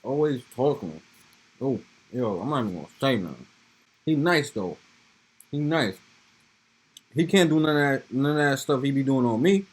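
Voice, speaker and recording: A man's voice: medium pitch, expressive, moderate pace, pauses often, slightly rough. A man from Brooklyn, casually riffing in slangy, rambling reaction commentary. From Brooklyn, New York. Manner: slangy, rambling, keeps tossing in "bro" and "you feel me". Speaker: reaction video host.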